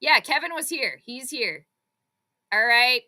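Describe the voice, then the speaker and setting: A young adult woman hosting a live sports stream, reacting to the game in an excitable, exclamatory, chatty way. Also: high voice, measured pace. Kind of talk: live play-by-play reaction commentary.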